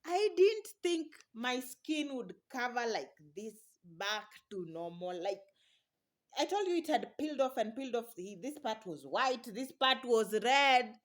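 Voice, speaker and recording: A woman's voice: a little high, big pitch swings, a little slow. A young woman talking casually to camera in her vlog, chatty and encouraging, laughing often. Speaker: vlogger.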